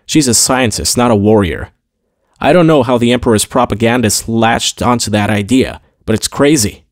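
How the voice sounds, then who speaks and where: A man's voice: medium pitch, normal speed, no echo, studio quality, close to an everyday voice. A man voicing a blunt, impatient male admiral in an audiobook, curt and brooding. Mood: terse. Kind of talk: audiobook character voice.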